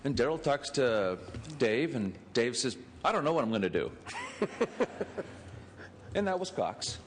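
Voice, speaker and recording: A state senator speaks on the floor of a legislative chamber, giving an anecdotal tribute and acting out his stories' dialogue with chuckles. His medium-pitched voice moves at a measured pace with big pitch swings. The recording has the chamber's long reverb, faint ambience and slight background noise.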